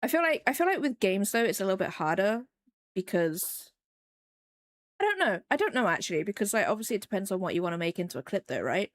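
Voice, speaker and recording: A woman's voice: medium pitch, very animated, fast talker, no echo, studio quality. A woman streamer chatting casually with her viewers while she paints, rambling along with lots of fillers. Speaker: streamer and digital artist.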